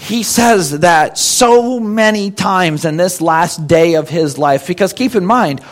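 A man with a high-pitched voice delivers a sermon. He reads the scripture slowly with heavy emphasis, then shifts into a plain, conversational explanation of the passage. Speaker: preacher.

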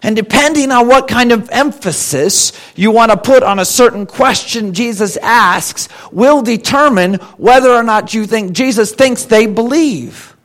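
High-voiced man preaching a sermon. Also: a bit bright. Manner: reads scripture slowly with rising emphasis, then explains conversationally. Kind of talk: sermon with scripture reading.

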